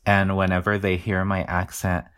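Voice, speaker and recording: A man's voice: low voice, completely flat delivery, moderate pace, a bit bright, clear, resonant tone. A man from the Mountain West explaining his research in a casual interview, with many fillers and restarts. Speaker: linguistics researcher guest.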